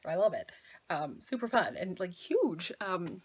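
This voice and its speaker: A woman's voice: fairly low pitch, sing-song, measured pace, slightly rough. A young woman in her twenties, chatty and filling her talk with "like", casually retelling a travel mishap as a vlogger. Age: 20s. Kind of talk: casual storytelling.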